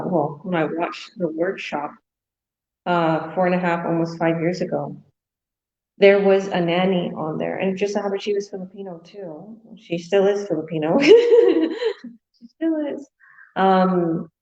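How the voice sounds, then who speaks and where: A woman's voice: fairly low pitch, darkish tone, highs cut off. A woman hosting a casual online business chat, upbeat, encouraging and rambling as she talks. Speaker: host.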